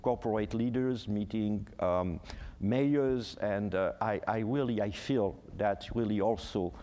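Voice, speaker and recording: A man's voice: lowish voice, unhurried, long reverb tail. A man in his sixties with a French accent, speaking as a guest ambassador in a panel conversation, hesitant with many fillers. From France. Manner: hesitant, animated storytelling with frequent fillers.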